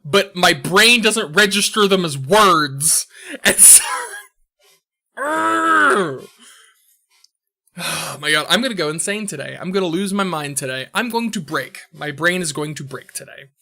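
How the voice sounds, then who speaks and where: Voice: mid-range voice, animated, moderate pace, sharp tone. A streamer in casual live-stream commentary, talking frustrated and self-deprecating, with plenty of swearing.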